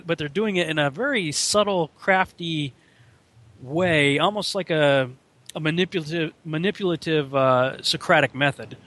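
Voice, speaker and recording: Man, radio host, casual interview, somewhat high voice, animated quoting. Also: normal speed, no room sound.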